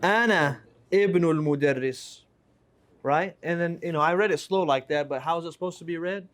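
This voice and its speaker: A man teaching an Arabic class, explaining and joking with his students in a relaxed way. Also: a little high, fast talker. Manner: relaxed, joking, explains by reading examples aloud.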